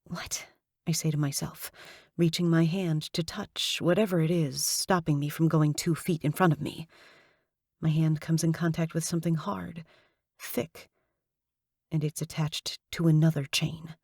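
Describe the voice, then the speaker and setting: A woman reads an audiobook in the first person, slow and deliberate with a gravelly fry. Her tone is husky and lowish. The recording is close and dry. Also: fairly even intonation, a little mellow, dry recording. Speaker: audiobook narrator.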